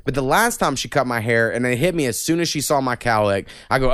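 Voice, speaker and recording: A man's voice: mid-range voice, lively intonation, a little fast, hardly any pauses, a bit bright, no room sound, studio quality. A young man hosting a podcast, rambling through stories with lots of swearing. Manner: profane, rambling storytelling. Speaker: podcast host. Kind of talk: casual podcast chat.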